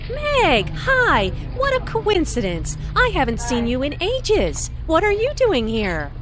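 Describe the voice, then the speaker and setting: A woman's voice: high-pitched, very animated, slow pace, heavily acted. An actress playing a cheerful young woman who runs into an old friend, speaking in a bubbly, surprised way in a scripted dialogue, with music behind.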